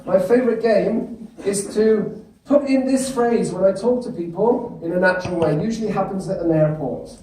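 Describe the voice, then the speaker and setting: A man's voice: sits high, moderate pace, warm tone, a little hiss or hum. A man with a British accent giving a humorous conference talk and asking the audience questions. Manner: engaging, asks the audience questions. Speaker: conference speaker. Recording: echoey hall, mic far off.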